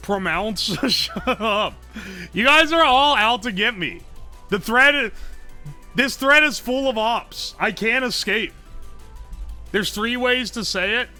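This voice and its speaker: This Appalachian-accented man speaks slowly in a very high-pitched voice while faint music plays. Chatting casually on his live stream, he's joking and animated, reading out messages from chat and responding to each.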